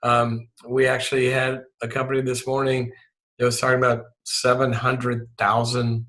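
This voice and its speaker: A man from Mississippi with a Southern US accent, a guest on an interview podcast, talking in an animated way that often restarts and repeats words. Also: medium pitch, moderate pace. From Mississippi, USA. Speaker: guest psychologist and leadership author. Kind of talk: podcast interview and spoken prayer.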